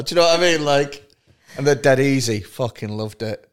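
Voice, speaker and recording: A man's voice: medium pitch, normal speed, clean tone. A man in casual podcast chat who tells blunt, sweary, jokey stories.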